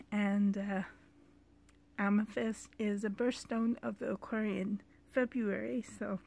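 A young woman at home chatting through an unboxing vlog, gushing with excited exclamations over gifts from a friend. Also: fairly high pitch. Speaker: vlogger.

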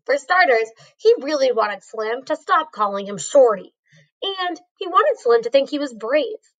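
A woman's voice: high voice, sing-song, a little slow, highs cut off. A woman reading a storybook aloud, carefully, with a few small slips. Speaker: reader.

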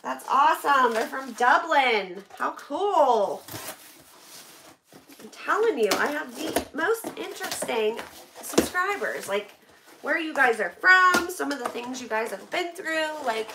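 A middle-aged woman from the United States, opening donated packages on a live stream and chatting excitedly with viewers. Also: high-pitched, unhurried, noisy background.

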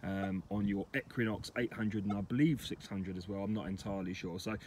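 A man talking casually to camera while metal detecting outdoors, chatty and excitable about his finds. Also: on the low side, fairly quick, a little hiss or hum. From England. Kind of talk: casual vlog commentary. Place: outdoors in a wet field.

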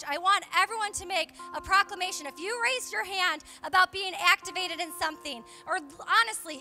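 In a church sanctuary, a young woman who is a pastor's wife preaches a charismatic sermon with a very high voice. She exhorts fervently, swinging between loud calls and hushed confessions.

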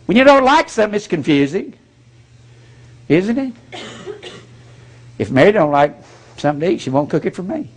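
A man delivers a sermon in a plain, blunt, folksy way, poking fun as he goes. His voice sits a little high and rises and falls widely. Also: very animated, normal speed, long pauses. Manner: folksy, blunt, preaching with mocking asides. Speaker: pastor.

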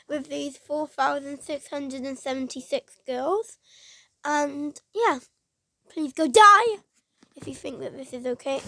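High-voiced woman doing dramatic reaction commentary. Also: a little hiss or hum. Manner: dramatic, exclaiming, outraged. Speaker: reaction video host. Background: music playing.

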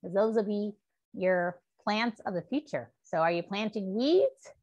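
A woman teaching a gentle stretch class, encouraging and upbeat, leading spoken affirmations. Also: mid-range voice, animated, measured pace, dry recording, muffled recording. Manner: upbeat and encouraging, with laughs and cheers.

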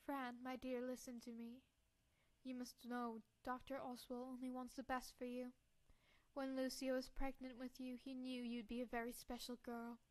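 A woman's voice: high voice, completely flat delivery, moderate pace, darkish tone, lightly acted. A woman doing a cool, scheming aunt. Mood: persuasive.

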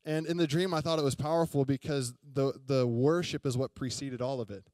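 Preaching in a church sanctuary, the young pastor tells a story in a chatty way and keeps posing questions to the congregation. His voice is medium-pitched, steady, fairly quick, and a little mellow, recorded without room sound.

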